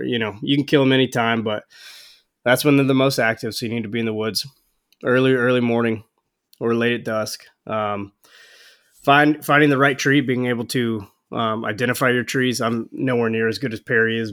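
A man's voice: medium pitch, a bit bright. A man hosting a casual hunting podcast, talking in a laid-back, rambling way with fillers and the odd slip. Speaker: podcast host.

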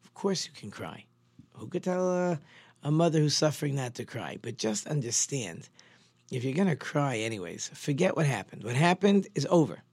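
A man's voice: medium pitch, very animated, moderate pace, breathy edge, no room sound. A man telling of a wise older woman. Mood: counseling. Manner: gently counseling. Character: older woman, war survivor, calm and wise.

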